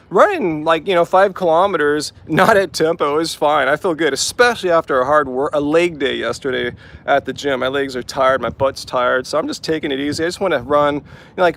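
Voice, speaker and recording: A man's voice: a little high, a bit bright. A man hosting a casual live-chat Q&A from a vehicle after a run, easygoing and chatty with lots of "like" and "um". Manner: easygoing, chatty, heavy use of "like" and "um". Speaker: host of a live stream.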